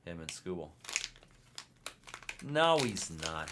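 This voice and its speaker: A man hosting a live card break, commenting in a casual, excitable way and teasing his chat. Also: low voice, unhurried, pauses often, background noise.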